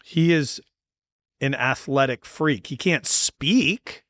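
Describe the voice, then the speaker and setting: A man hosting a podcast in casual chat, talking bluntly with lots of swearing and quick bursts of speech. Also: mid-range voice, a bit bright, no echo. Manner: blunt and profane, fast bursts. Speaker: podcast host.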